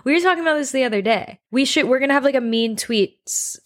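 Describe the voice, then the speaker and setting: A woman around thirty hosting a podcast, chatting in an animated way and jumping between thoughts. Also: sits high, fast. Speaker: podcast host. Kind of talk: casual chat.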